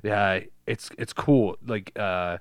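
A man's voice: slow pace, smooth, no room sound, clean studio sound. A man co-hosting a casual podcast about a horror film, joking crudely. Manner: crude, joking, acts out movie lines in shrill voices. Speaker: podcast co-host. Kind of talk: casual chat.

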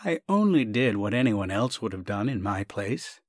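A man's voice: fairly low pitch, sing-song, moderate pace, dry recording, clean studio sound. A man voicing a cheerful middle-aged doctor in a storybook reading, hearty and a bit hesitant. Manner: hearty, then hesitant and muttering.

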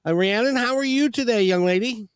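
A man's voice: extremely high pitch, fairly quick, smooth, no room sound, clean studio sound. A man hosting a radio talk show, chatting loosely with many restarts and fillers. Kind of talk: casual interview.

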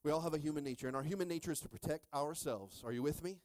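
A middle-aged man pastor preaching a sermon with call-and-response, joking with the congregation and rising into shouted stretches. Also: a little high, very fast, no room sound.

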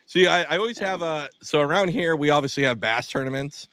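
A man with a gravelly voice, co-hosting a podcast in casual, joking banter. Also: a little high, a little fast, a bit bright, no echo. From South Jersey. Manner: joking, teasing. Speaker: podcast co-host.

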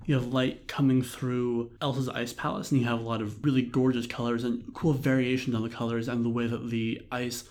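A man co-hosting a podcast, chatting enthusiastically about animated films and quoting scenes. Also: medium pitch, a little fast, hardly any pauses. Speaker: podcast co-host. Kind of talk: casual film discussion.

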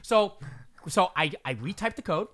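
A man's voice: high-pitched, normal speed. A man telling a story to friends in casual chat, acting out the lines of the people in it. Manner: acts out quotes in shifting voices, lively.

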